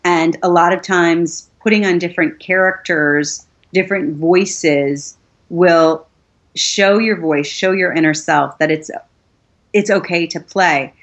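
Woman voiceover artist, middle-aged, slightly low voice, earnest coaching tone, casual talk. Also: steady tone, takes it slowly, highs cut off. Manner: earnest, coaching, gives step-by-step instructions. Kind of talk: casual advice in a conversation.

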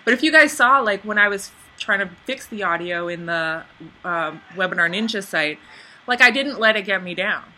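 A woman coaching people on camera in a casual webinar, chatty with lots of "like", acting out little scenes in a high voice. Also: animated, normal speed, sharp tone, slight background noise. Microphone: computer microphone on a webinar.

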